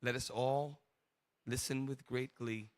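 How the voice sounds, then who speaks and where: A male host of a religious broadcast segment, talking in a loud, mocking, scolding manner. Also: medium pitch, steady tone, takes it slowly, no room sound.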